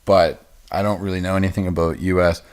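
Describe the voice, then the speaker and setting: A man co-hosting a podcast in casual chat, halting and full of fillers, cursing freely. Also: sits low, level tone, smooth. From Canada. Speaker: podcast co-host.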